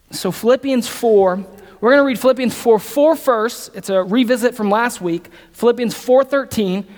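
A man's voice: high-pitched, darkish tone. A man preaching a sermon as pastor, repeating phrases, building emphasis and putting questions to his audience. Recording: long reverb of a large hall.

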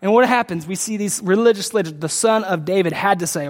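A man preaching a sermon as pastor, impassioned, rising to loud peaks and dropping to quiet pleas. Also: sits high, quick pace. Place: large church sanctuary. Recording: long hall reverb.

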